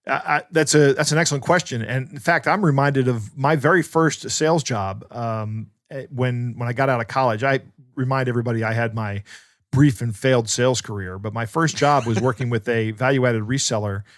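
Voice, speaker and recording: A man's voice: mid-range voice, fairly quick, no room sound, studio quality. A man co-hosting a podcast as a security expert, telling stories in casual chat with many restarts.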